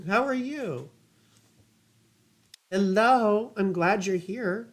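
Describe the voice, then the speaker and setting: A woman's voice: mid-range voice, lively intonation, very slow, long pauses. A woman astrologer giving casual livestream chart readings, rambling and chatty with laughing asides and casual swearing.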